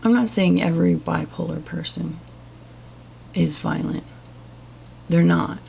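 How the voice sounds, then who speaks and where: A woman's voice: fairly low pitch, measured pace, gravelly, darkish tone, a little hiss or hum. A woman giving blunt, profane and sarcastic reaction commentary as a vlogger.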